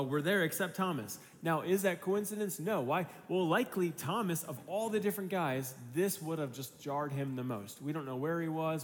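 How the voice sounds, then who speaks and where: A man's voice: medium pitch, slight background noise. Male pastor, casual sermon, long hall reverb, faint room ambience. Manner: casual conversational preaching with acted asides.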